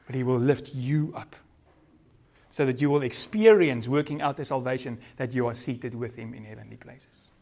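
Male pastor, South African accent, earnest sermon delivery, mid-pitched voice. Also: moderate pace. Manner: earnest preaching, code-switching, varied loudness.

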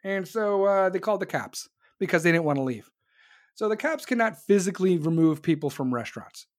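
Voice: mid-range voice, expressive, fairly quick. Stream host from the States, profane and sarcastic, ranting hard. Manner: blunt, sarcastic, heavy swearing. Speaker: online show host. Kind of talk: profane political rant to viewers.

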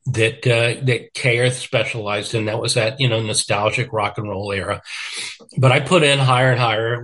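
A middle-aged man telling a lively anecdote in a casual interview, laughing often and acting out what people said. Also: medium pitch. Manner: animated storyteller, acts out quotes, laughs often. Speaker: guest. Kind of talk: storytelling interview chat.

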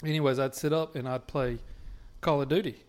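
A relaxed male co-host chats loosely, swearing freely and drifting from one story to the next. His voice sits at an ordinary middle pitch, and he laughs easily at his own tales. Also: brisk. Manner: laid-back, profane storyteller who laughs often. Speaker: podcast co-host. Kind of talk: casual chat.

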